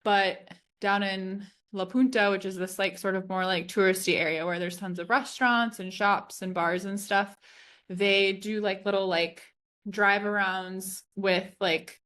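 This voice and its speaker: A woman in her thirties co-hosts a relaxed podcast chat, her voice sitting at an ordinary middle pitch. She rambles through anecdotes with plenty of "like" and laughs easily as she goes. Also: measured pace. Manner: chatty, fills speech with "like", laughs often while telling stories. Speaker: podcast co-host. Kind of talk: casual chat.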